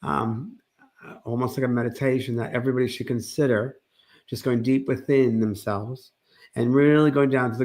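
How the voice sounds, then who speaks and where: Male co-host, medium pitch, earnest and rambling, under the weather. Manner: earnest, rambling with many restarts. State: sick. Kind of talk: casual spiritual talk show chat.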